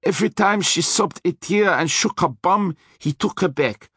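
A man's voice: high-pitched, moderate pace, slightly rough, no room sound, studio quality, voice pushed up. A man doing a menacing Austrian chauffeur. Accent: put-on Austrian. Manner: menacing, shouting, grimly emphatic.

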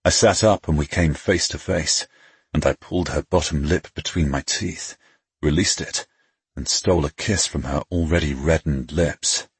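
A man narrating a first-person audiobook, reading in an intimate, unhurried way. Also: extremely low pitch, slightly rough, no echo.

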